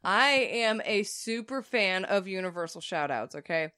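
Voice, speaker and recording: A woman co-host with a mid-range voice, talking with eager emphasis and casual swearing. She presses her points with lively conviction in easy conversation. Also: mid-range voice, moderate pace, dry recording, clean studio sound. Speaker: podcast co-host. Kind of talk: casual chat.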